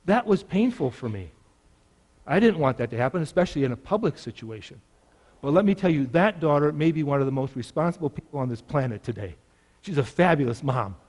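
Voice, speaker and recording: A man's voice: on the high side, animated, brisk, darkish tone. Reflective male workshop presenter, echoing hall. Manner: reflective, explanatory. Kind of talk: parenting workshop talk. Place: large conference room.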